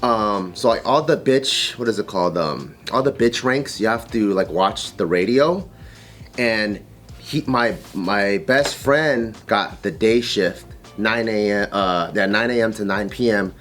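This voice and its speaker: A man's voice: on the low side, a little slow, fairly bright tone, soft background music. Laid-back, profane male storyteller. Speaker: guest. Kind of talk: casual storytelling.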